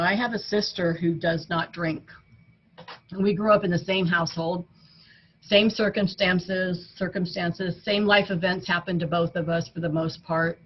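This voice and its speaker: Older lady sharing her story at a meeting, earnest and chatty, slightly dull recording w/ light background noise. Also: lowish voice. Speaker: speaker at a recovery meeting. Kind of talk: personal testimony.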